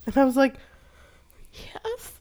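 A woman's voice: fairly low pitch, lively intonation, moderate pace. A woman co-hosting a podcast, telling casual stories with frequent laughs and swearing. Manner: storytelling, swears freely, laughs often. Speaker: podcast co-host. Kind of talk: casual chat.

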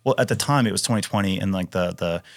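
A retired Navy SEAL in his thirties from Wisconsin, US, tells stories casually as a podcast guest. His voice is low and fast, emphatic, full of fillers and restarts, with "dude" cropping up often. The sound is dry and close-miked with no echo or room behind him.

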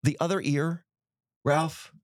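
A man's voice: on the high side, fairly even intonation, slow, no room sound, studio quality. A middle-aged man hosting a podcast, telling a story in casual conversation and acting out heated quotes. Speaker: podcast host.

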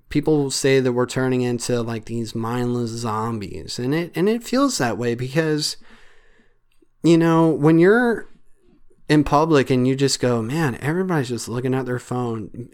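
A man's voice: medium pitch, smooth. A man hosting a solo podcast, talking in an earnest, rambling way with many fillers. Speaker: podcast host.

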